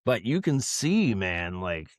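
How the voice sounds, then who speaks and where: Podcast dude rambling and cussing, laughs a lot, dry close mic. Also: male voice, fairly low pitch, big pitch swings, takes it slowly, dry recording. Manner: profane, rambling, laughs often. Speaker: podcast co-host. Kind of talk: casual banter. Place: South Carolina.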